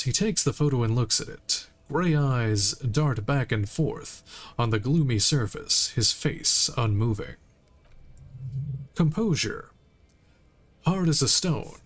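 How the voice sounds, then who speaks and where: A man streams a game and reads its dialogue and text aloud with a relaxed delivery. He speaks slowly into a streaming mic and drops in casual asides between the lines. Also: mid-range voice. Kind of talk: reading game text aloud while playing.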